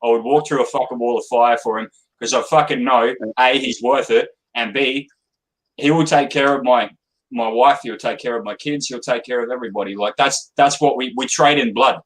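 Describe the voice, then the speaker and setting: A man's voice: medium pitch, steady tone, moderate pace, poor audio. Blunt, swearing Australian ex-infantryman. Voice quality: blunt and profane. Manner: earnest, swears freely, calls others brother and mate. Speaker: former infantry soldier guest. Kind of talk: casual chat.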